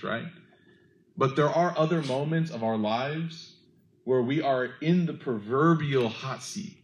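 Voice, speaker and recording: A man giving a sermon, telling a story with animated, acted-out quotes. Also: mid-range voice, echoey room, low-quality recording. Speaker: preacher.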